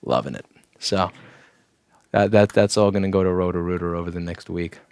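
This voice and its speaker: A man's voice: low-pitched, little pitch movement, brisk, darkish tone, clear, resonant tone, no room sound. A man hosting a live repair stream with joking asides while he works, his throat a little sore. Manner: wisecracking, offhand asides while working. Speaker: electronics repair technician and host. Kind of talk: live repair walkthrough with chat replies.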